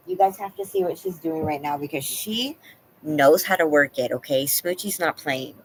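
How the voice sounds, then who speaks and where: A woman's voice: sits low, moderate pace, a little hiss or hum, rough recording. A woman hosting a live stream from home, chatting casually and answering her viewers by name. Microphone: laptop.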